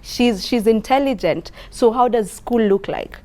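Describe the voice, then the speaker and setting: A woman's voice: a little high, unhurried, a little mellow. A woman hosting an interview, listening closely and asking follow-up questions. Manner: attentive, asks follow-up questions. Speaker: host.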